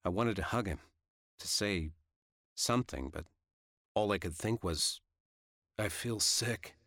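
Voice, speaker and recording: A man narrating a first-person story in a steady, even way. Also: low-pitched, unhurried, dry recording, clean studio sound. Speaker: audiobook narrator.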